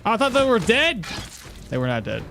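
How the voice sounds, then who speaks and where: A man's voice: sits high, huge pitch swings, normal speed, creaky, background noise. A man chatting casually on a live stream, talking to himself and answering chat while he plays. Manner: chatty, talks to himself and reads chat aloud. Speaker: game streamer.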